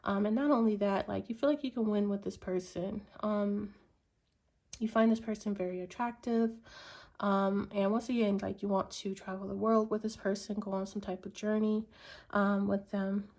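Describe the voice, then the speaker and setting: A woman doing a tarot reading, musing slowly with many ums and likes. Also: mid-range voice, steady tone, a little mellow. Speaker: tarot reader.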